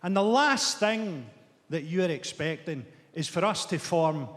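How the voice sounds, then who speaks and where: A male stand-up comedian doing a political set with a loud, punchy, sarcastic delivery. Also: a little high, lively intonation, unhurried. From Scotland. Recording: echoey hall, loud crowd noise.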